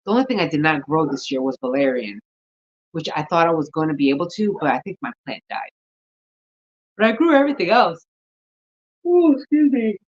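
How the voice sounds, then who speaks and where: A woman's voice: low voice, big pitch swings, a little fast, highs cut off. A woman chatting casually in a gardening vlog, rambling and talking to herself, tired and yawning. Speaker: gardening vlogger.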